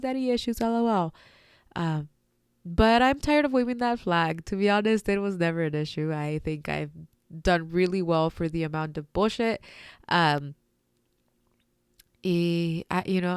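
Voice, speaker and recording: A woman's voice: fairly low pitch, darkish tone, smooth, no echo, studio quality. A young adult woman hosting her own podcast, talking candidly and from the heart about friends and family, with frequent fillers and casual swearing. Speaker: podcast host. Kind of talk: casual solo podcast talk.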